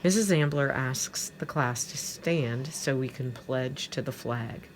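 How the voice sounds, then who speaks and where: Deep voiced lady teacher reading a kids book out loud, steady and expressive, bit of background hiss. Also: slow. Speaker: teacher reading a novel aloud. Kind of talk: storybook read-aloud.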